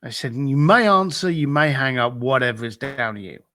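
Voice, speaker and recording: A man's voice: medium pitch, a little fast, sharp tone. A man telling an anecdote as a podcast guest, acting out both sides of a phone call, with lots of fillers and repeated "I said.". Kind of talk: storytelling in a casual interview.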